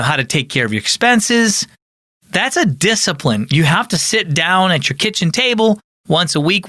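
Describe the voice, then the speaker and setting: A man's voice: on the high side, bright, forceful tone, dry recording, clean studio sound. A man who is a pastor and podcast host, giving an earnest, conversational teaching talk.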